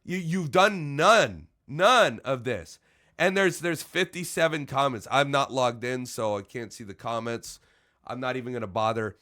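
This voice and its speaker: A man giving heated, profane reaction commentary, dropping to low mutters and then shouting, stammering over his words when worked up. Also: expressive, a little slow. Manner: stammering restarts when agitated. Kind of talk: angry ranting commentary.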